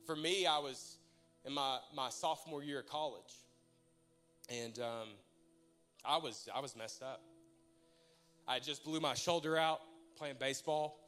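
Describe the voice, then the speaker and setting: A man's voice: a little high, a little slow, long pauses, a bit bright, clear, resonant tone, faint music behind. A young man preaching, telling a personal story and praying, emotional and conversational with stumbling restarts. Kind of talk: sermon with personal testimony and prayer.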